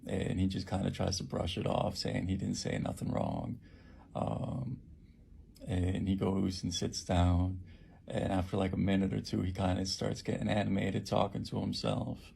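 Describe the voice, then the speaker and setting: A man who works at a homeless shelter recounts an attack in a halting personal account, with many fillers and restarts. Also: deep voice, vocal fry, mellow, breathy edge.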